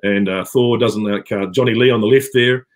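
Low-voiced New Zealand man, rambling. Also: moderate pace. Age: middle-aged. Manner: rambling, relaxed, many fillers and restarts. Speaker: actor guest. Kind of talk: casual interview chat. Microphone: video call.

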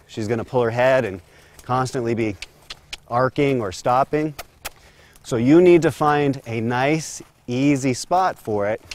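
A little hiss or hum sits under the voice of a medium-pitched man training a horse. He gives a calm, steady demonstration while working the horse in an outdoor round corral.

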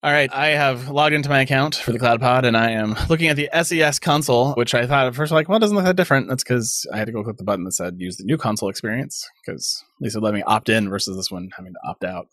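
Guy on a tech podcast talking fast, sarcastic and rambly, dry close mic. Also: medium pitch, fairly bright tone, no echo. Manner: sarcastic, rambling, thinks aloud. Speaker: podcast co-host. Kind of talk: casual tech chat.

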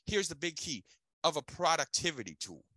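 Upbeat guy teaching a tech class, keeps saying okay, pitch jumps around a lot. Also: normal speed, no room sound. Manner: animated, emphatic, checks in with "okay?". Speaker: tech trainer. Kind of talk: casual teaching chat.

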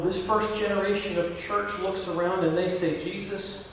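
Male pastor, relaxed conversational sermon; long hall reverb, faint noise underneath. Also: sits high, moderate pace. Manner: conversational preaching with asides and quoted dialogue. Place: large church sanctuary. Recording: echoey church hall from far off.

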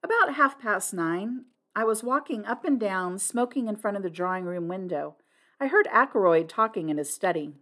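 Woman voicing a gruff army major, clipped terse phrases, lively pitch, audiobook. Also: normal speed. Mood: matter-of-fact. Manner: clipped, terse speech with dropped words. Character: blunt, gruff middle-aged male army major.

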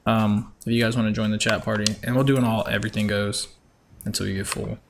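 A man's voice: on the low side, flat delivery, fast talker, gravelly, background noise. A young man from Georgia, chatting upbeat with viewers as he live-streams a racing game from home.

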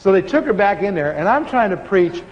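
High-voiced man preaching in a hall. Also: brisk. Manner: animated, laughing storyteller. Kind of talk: sermon storytelling. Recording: muffled hall recording with faint hiss.

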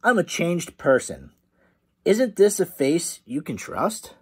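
Bossy, teasing little girl, as a man reads her aloud, sing-song, pitched up high for a storybook. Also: sing-song, moderate pace, husky, heavily acted. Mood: sweetly innocent. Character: bossy scheming young girl.

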